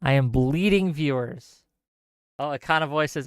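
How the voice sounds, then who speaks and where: Man, live stream host, ranting chat, lively swooping voice, smooth clear tone, dry close sound. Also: on the high side, moderate pace, dry recording. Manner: ranting, animated, sarcastic. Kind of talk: casual live stream chat reading viewer comments.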